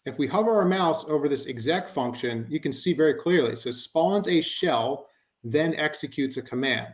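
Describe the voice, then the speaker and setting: A man giving a conversational webinar presentation, explaining with frequent fillers like "you know" and "um.". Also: a little high.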